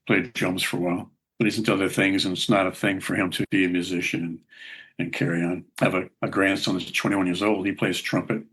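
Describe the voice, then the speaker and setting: A man's voice: sits low, fairly bright tone, husky. An older man, a musician guest in an interview, telling rambling anecdotes with a chuckle. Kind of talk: casual interview storytelling.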